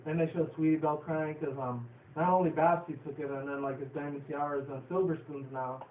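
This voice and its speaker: Man, reviewer, casual rambling episode recap, slightly high voice, roomy and far from a phone-like mic. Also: level tone, a little fast. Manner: rambling, filler-heavy, swears casually. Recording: distant, roomy, phone-like, faint hiss.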